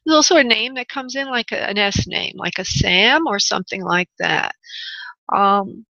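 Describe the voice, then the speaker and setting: A woman hosting a call-in radio show as a spirit medium. She talks in a halting, searching way with many restarts and calls her callers honey and love. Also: mid-range voice, animated, gravelly, bright, forceful tone, no echo, highs cut off.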